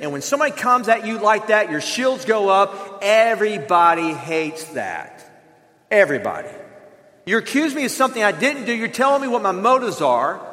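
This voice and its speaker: A pastor preaching a sermon in an earnest, conversational way, acting out examples. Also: male voice, very high-pitched, bright, forceful tone, big-room sound.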